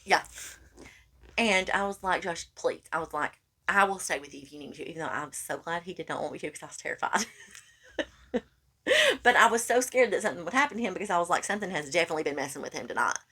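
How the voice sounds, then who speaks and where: A woman's voice: lowish voice, fast talker, slightly rough. A woman, co-hosting a podcast and telling a story in casual chat, acting out the quoted lines with lots of animation. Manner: animated, acts out quoted lines, calls listener honey. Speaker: podcast co-host.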